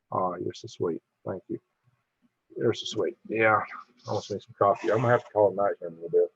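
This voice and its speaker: A man's voice: on the low side, fast talker, creaky, breathy edge, dry recording, lo-fi sound. A middle-aged man hosting a casual live stream, reading viewer comments aloud in a chatty, tired way. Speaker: livestream host.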